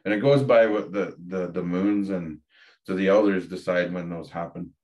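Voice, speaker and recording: A man's voice: deep voice, fairly even intonation, moderate pace, a little mellow. A man, a podcast guest candidly telling a personal story with frequent fillers and restarts. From Ontario, Canada.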